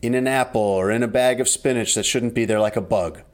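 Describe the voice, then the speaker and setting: A man's voice: medium pitch, fairly quick. A man co-hosting a podcast, telling stories in a wry, exasperated casual chat. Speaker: podcast co-host.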